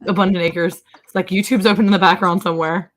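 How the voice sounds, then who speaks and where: A woman co-hosts a relaxed live stream with a slightly low voice. She is bubbly and quick to laugh, and she keeps up the chatter by reading viewer comments aloud. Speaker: co-host of a ranch live stream. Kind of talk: casual live-stream chat.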